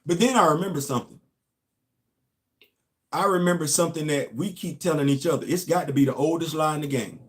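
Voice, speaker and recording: Man, host, casual storytelling, long-winded, asks rhetorical questions, slightly raised pitch. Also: fairly quick, long pauses. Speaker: show host and former Marine corporal.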